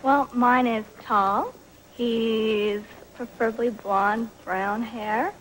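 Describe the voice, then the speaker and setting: A woman speaks hesitantly as a game show contestant. Her voice is a little high, with faint noise behind it. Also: fairly even intonation, slow pace, poor audio.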